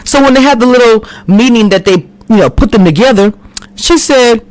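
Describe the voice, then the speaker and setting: A woman giving a casual recap of a TV drama, animated and quick to act out the characters' lines. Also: on the high side, no room sound. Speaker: TV recap reviewer. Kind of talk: casual chat. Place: home, recording a live stream.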